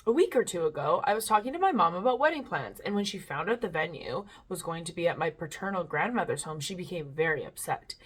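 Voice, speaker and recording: A woman's voice: lowish voice, lively intonation, fast talker, hardly any pauses, slightly rough. Chatty rambling woman. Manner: rambling, chatty, swears casually. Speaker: channel host reading online stories. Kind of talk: casual chat and reading aloud.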